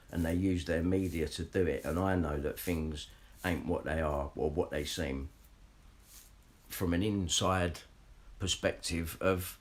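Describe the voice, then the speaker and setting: A man ranting casually and swearing a lot as he talks straight to his livestream viewers. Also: low voice. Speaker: livestream vlogger.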